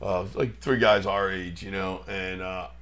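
A man's voice: low voice, fairly even intonation, unhurried, a bit bright. A middle-aged man, a guest chatting casually and mostly agreeing. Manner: brief agreeing replies. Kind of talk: casual chat.

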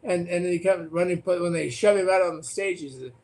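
A man's voice: high voice, quick pace. Older man telling political war stories. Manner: animated, repeats words and restarts, acts out quotes. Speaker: guest, former political candidate. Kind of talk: anecdotal storytelling in conversation.

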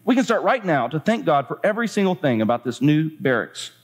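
A man's voice: fairly high pitch, big pitch swings, fairly quick, slightly rough, heavily acted. A man voicing a devout older woman prisoner who speaks with eager, matter-of-fact insistence while reading a book aloud in a sermon. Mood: excited.

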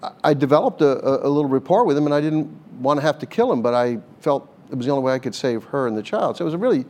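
A man's voice: medium pitch, expressive, racing, darkish tone. Earnest older man telling stories. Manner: earnest, repeats words while thinking, laughs often. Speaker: former hostage negotiator, guest. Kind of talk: conversational interview storytelling.

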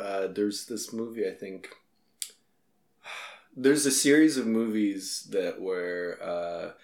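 A man's voice: fairly low pitch, takes it slowly, darkish tone. A man hosting a podcast, chatting casually with easygoing, enthusiastic interjections. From Russia. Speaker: podcast host. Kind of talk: casual chat. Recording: roomy echo.

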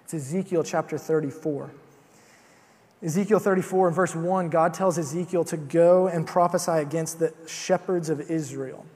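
A man giving a sermon in an easy, conversational manner, often pausing on fillers and repeating his first words. His voice sits fairly high for a man. The sound rings with the long reverb of a large hall. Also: steady tone, darkish tone. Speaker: preacher.

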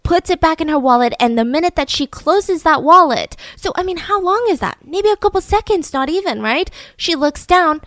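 A woman hosting a podcast, telling a true-crime story in a casual, animated way, full of "like" and "right?" asides. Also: very high-pitched, moderate pace, few pauses, no room sound. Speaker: podcast host.

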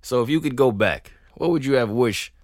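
A man's voice: medium pitch, expressive, normal speed, no echo, clean studio sound. A man hosting a podcast, ranting comedically, laughing often and swearing freely. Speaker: podcast host. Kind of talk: comedic rant.

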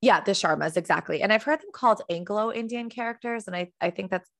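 A woman's voice: mid-range voice, fairly quick, fairly bright tone, no echo, clean studio sound. A woman co-hosting a podcast in casual chat, talking in a chatty, wandering way and often correcting herself mid-sentence. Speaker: podcast co-host.

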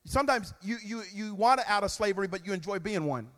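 A man preaching a sermon, calling on the congregation to repeat after him, swinging between loud emphatic bursts and quiet asides. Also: high voice, expressive, brisk. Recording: long reverb of a large hall.

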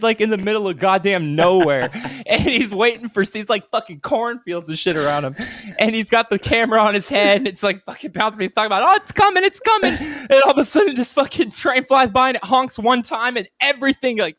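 A man's voice: sits high, a little fast, dry recording, clean studio sound. A man on a podcast, telling stories in casual, profane chat. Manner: profane, excitable storyteller. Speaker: podcast co-host.

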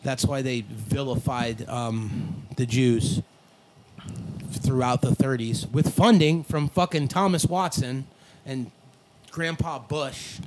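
A man's voice: mid-range voice, takes it slowly, darkish tone, slight background noise. A man hosting a podcast in casual chat, rambling and swearing, laughing often. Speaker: podcast host.

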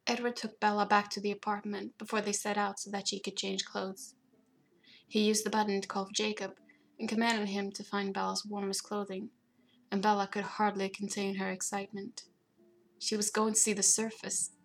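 Flat-toned woman narrating a story. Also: mid-range voice, normal speed, creaky. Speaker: audiobook narrator.

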